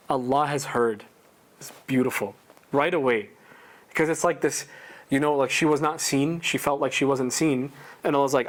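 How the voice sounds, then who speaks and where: A man's voice: medium pitch, moderate pace. A man teaching a casual religious lesson at a prayer center, talking conversationally and quizzing his listeners with rhetorical questions. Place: indoor community prayer center.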